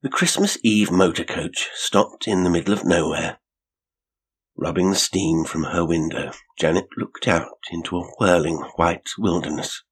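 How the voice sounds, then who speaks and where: Husky, deep-voiced male storyteller. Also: unhurried. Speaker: narrator. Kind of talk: audiobook reading of a mystery story.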